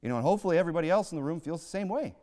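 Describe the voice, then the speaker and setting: A man's voice: fairly high pitch, expressive, very fast, darkish tone. A male pastor preaching a sermon in a church, emphatic and conversational, full of rhetorical questions. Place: church sanctuary. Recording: long hall reverb.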